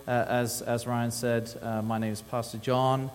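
A man's voice: medium pitch, level tone, a little slow, long reverb tail. A man from England with an English accent, a guest pastor giving a chatty, cheerful sermon and leading prayer in a church. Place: church sanctuary.

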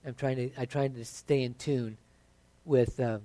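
A pastor preaching a conversational sermon that builds to emphatic points. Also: male voice, medium pitch, steady tone, measured pace, warm tone.

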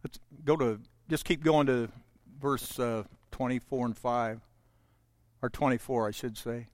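A man preaching a sermon, folksy and direct with his congregation, swinging between loud proclaiming and hushed, intimate stretches. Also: mid-range voice, steady tone, unhurried, no echo. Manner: folksy, talks straight to the congregation. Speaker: pastor.

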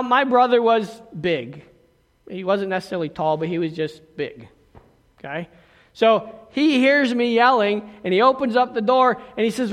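A pastor with a high-pitched voice preaches a sermon at a moderate pace, leaving long pauses, his tone fairly bright. He tells a personal story conversationally and often checks in with the congregation, all carried by a long hall reverb.

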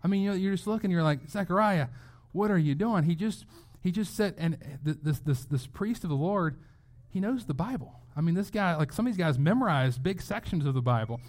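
A man's voice, on the high side and a little fast. The speaker, a middle-aged pastor, preaches casually and conversationally with plenty of animation, voicing quotes from the characters in his story.

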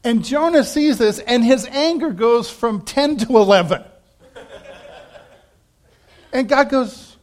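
A man preaching a sermon, telling a story with animated shifts and acting out quoted voices, laughing now and then. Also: very high voice, normal speed, hardly any pauses. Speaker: pastor.

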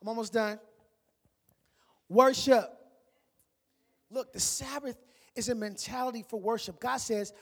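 A man preaching a sermon with playful, colloquial delivery, swinging from hushed asides to loud exclamations. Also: very high voice, fairly even intonation, measured pace, vocal fry, long pauses. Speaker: pastor. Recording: long hall reverb.

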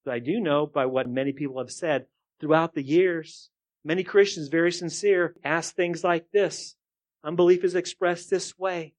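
A male pastor preaching a sermon to his congregation, dropping to quiet murmurs and then building to loud, rising rhetorical questions. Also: on the high side, moderate pace. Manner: addresses the congregation directly, asking for responses.

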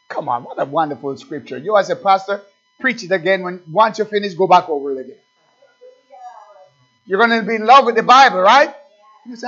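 Animated male pastor preaching. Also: high voice, moderate pace. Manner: animated, rhetorical questions to the congregation. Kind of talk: sermon. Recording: dull lo-fi recording with faint music.

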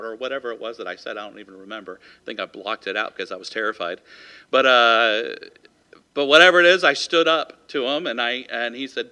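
A man's voice: mid-range voice, a little fast, bright, forceful tone, clear, resonant tone. A man preaching a sermon, telling a personal story in a folksy way with many fillers. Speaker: pastor.

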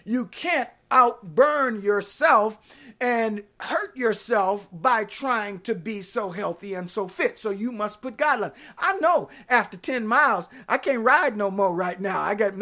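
Woman pastor, online sermon; emphatic, conversational delivery, a bit high-pitched. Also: a bit bright. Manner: emphatic, repeats key points, folksy and conversational.

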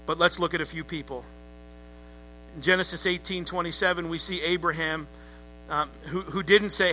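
Man, pastor, sermon, emphatic, calls for responses, very bright, tense. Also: high-pitched, moderate pace, soft background music, rough recording.

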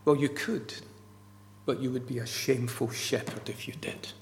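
Male preacher, gravelly, emphatic sermon delivery, recorded with long hall reverb. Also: mid-range voice, steady tone, normal speed, slight background noise. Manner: earnest, emphatic, repeats key words.

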